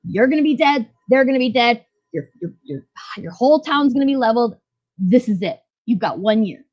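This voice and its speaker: A woman's voice: fairly high pitch, lively intonation, fairly quick, highs cut off. A woman voicing a furious, vengeful male vampire lord in a casual retelling, ranting and sneering.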